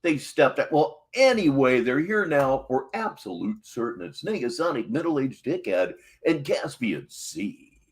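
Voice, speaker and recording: A man's voice: medium pitch, big pitch swings, a little slow. A man hosting a livestream show, introducing a clip with sardonic, mocking asides. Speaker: livestream host. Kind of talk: casual stream commentary.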